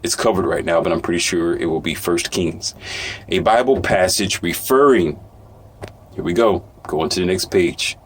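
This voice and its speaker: A man's voice: low voice, normal speed, slight background noise. A man giving casual commentary, reading news aloud with stumbles, asides and a dismissive streak.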